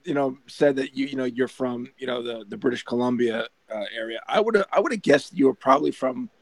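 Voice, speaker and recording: A man in a casual group chat who talks haltingly, repeating words as he searches for them. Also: medium pitch, vocal fry, no room sound.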